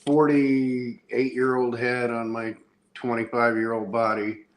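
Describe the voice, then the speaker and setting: A man's voice: mid-range voice, level tone, slow pace. A middle-aged man hosts a loose podcast chat. He rambles along with easy enthusiasm, his voice sitting in an ordinary middle range. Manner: rambling, enthusiastic show-and-tell. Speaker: podcast host. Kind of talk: casual chat showing comics.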